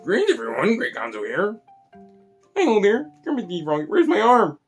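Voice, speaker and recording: Zany high-voiced male puppet creature, put on by a man, strained, jumpy pitch. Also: wildly swooping pitch, normal speed, soft background music, exaggerated voice.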